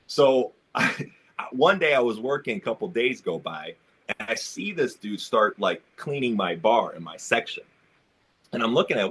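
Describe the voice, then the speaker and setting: A man's voice: medium pitch, very animated, moderate pace, a bit bright, breathy edge. A man on a discussion panel telling a personal story, acting out the quotes and speaking in casual slang. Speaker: roundtable panelist.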